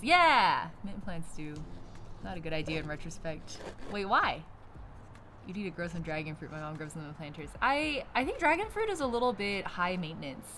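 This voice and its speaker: Giggly, chatty woman with a low voice. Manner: chatty and giggly, swears casually. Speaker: streamer. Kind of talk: casual chat while repotting plants. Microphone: streaming setup with a camera. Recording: steady background noise.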